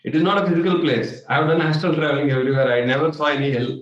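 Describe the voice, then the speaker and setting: A man with an Indian accent giving a spiritual workshop talk as a meditation coach, animated and playful, with sudden exclamations and mimicry. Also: on the high side, rapid-fire, highs cut off. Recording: echoey room.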